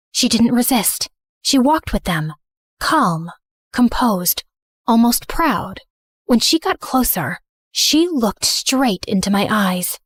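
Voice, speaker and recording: A woman narrating in first person as a remorseful, misunderstood teenage girl, earnest and soft. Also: fairly high pitch, dry recording, studio quality. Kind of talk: scripted story narration.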